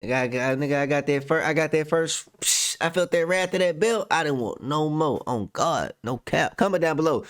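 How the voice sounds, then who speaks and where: A man's voice: a little high, animated, a little fast, hardly any pauses, a bit bright, smooth. Young man laughing through reaction commentary. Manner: laughing, loose slang-heavy storytelling.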